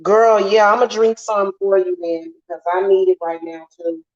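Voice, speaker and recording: A woman's voice: medium pitch, moderate pace, a little mellow. A woman hosting a casual witchy livestream, venting bluntly and profanely to her viewers. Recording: roomy, slightly dull home sound.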